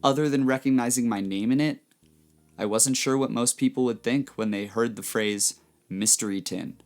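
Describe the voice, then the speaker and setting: A man hosting his podcast, giving a measured, reflective scripted narration. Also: mid-range voice, a little mellow, soft background music. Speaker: podcast host.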